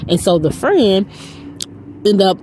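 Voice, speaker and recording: A woman's voice: mid-range voice, very animated, slow pace, a little mellow, a little hiss or hum. A woman casually and earnestly retelling a film's story as a faith vlogger, rambling with frequent "you know".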